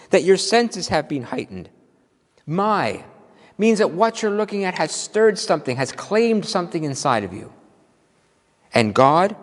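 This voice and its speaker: A man preaching a sermon as minister, playful and animated, drawing out his exclamations slowly for effect. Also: fairly high pitch. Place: church sanctuary. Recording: long hall reverb.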